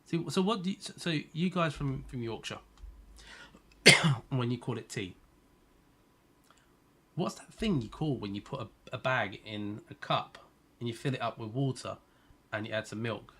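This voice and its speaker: A man's voice: medium pitch, moderate pace, long pauses, bright, forceful tone. A man live-streaming a racing game, chatting casually and teasing viewers as he answers their messages. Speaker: gaming streamer.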